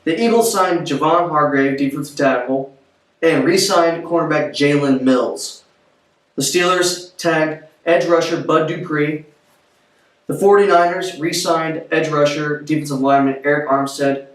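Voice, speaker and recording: A man's voice: a little high, measured pace. Guy ranting opinions on football moves, offhand and blunt, roomy echo. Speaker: sports vlogger. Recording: roomy echo, distant from mic.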